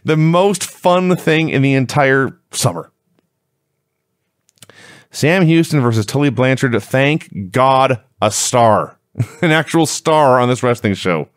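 A man's voice: mid-range voice, expressive, slow, dry recording. A man co-hosting a wrestling review podcast, recapping events in a dry, sarcastic way. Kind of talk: casual chat, recapping.

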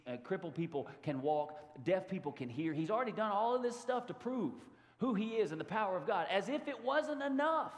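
A man preaching a sermon to his congregation, animated and given to sudden loud outbursts. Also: high voice. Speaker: pastor. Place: church sanctuary. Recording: long hall reverb.

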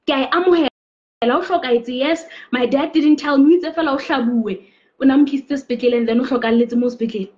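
A South African woman mixing English and Sesotho, giving an earnest personal testimony that turns into preaching, often softening her voice. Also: high-pitched, quick pace, highs cut off. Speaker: faith speaker.

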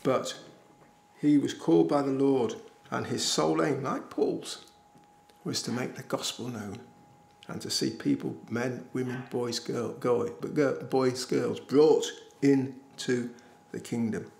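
A man's voice: medium pitch, fairly even intonation, takes it slowly, gravelly, a little mellow. An older man from England preaching an earnest, emphatic sermon in a small village church, repeating key phrases for weight. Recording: echoey church room.

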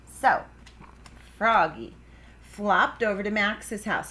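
A woman's voice: medium pitch, very animated, measured pace, a bit bright. A woman teacher reading a children's storybook aloud expressively, with playful sound effects.

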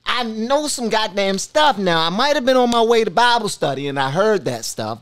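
Male reaction host, high lively voice, excitable and repetitive, slangy. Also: normal speed, few pauses. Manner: excitable, repeats himself, slangy asides. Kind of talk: casual reaction commentary.

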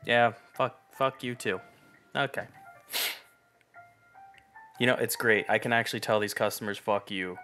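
A man's voice: mid-range voice, fairly even intonation, measured pace, pauses often, sharp tone, faint music behind. A young man giving loose, profane, sarcastic let's play commentary while he plays a game. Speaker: gamer.

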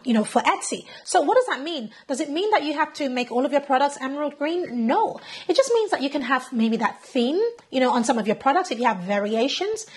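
A woman's voice: high voice, slightly rough. A British woman from the UK, an online business coach chatting animatedly through a screen-share tutorial and often checking in with "right?".

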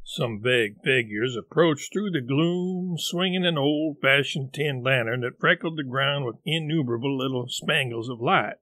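A man narrating a classic novel in a measured, deliberate storytelling manner. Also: medium pitch, bright, forceful tone, no room sound. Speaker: audiobook narrator. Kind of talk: audiobook narration.

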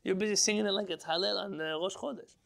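A man teaching an informal religious class as a rabbi, lively and rhetorical, putting questions to his listeners. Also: sits high, fast talker, vocal fry. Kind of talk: informal Torah lesson to a live class.

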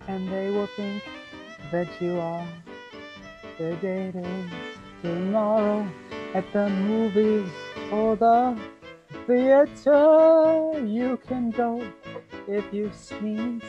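An improviser playing a chivalrous, grandiose old-fashioned gentleman in a musical comedy scene, over a video call. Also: medium pitch, fairly even intonation, muffled recording. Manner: grandiose, quick bursts, mock sneezes. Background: fiddle music.

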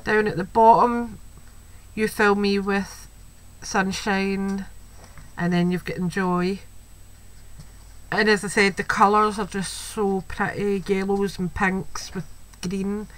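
A woman's voice: medium pitch, little pitch movement, slow, rough recording. A Scottish woman chatting casually as she shows off a crafting item at home, gushing and full of "wee"s and "um"s. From Scotland. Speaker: crafting video host. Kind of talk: casual show-and-tell. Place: home, a child heard in the background. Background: faint household noise.

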